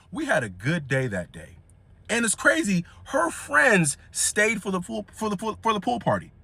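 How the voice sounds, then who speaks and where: A young man telling a comedic story in casual slang, acting out the people in it with animated voices. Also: sits high, moderate pace, vocal fry. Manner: animated, acts out quotes in voices.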